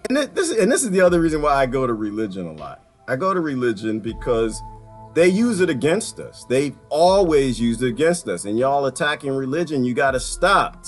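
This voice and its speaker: A man talking casually to his viewers about politics, animated, often breaking into laughter and repeating his phrases. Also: medium pitch. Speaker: vlogger.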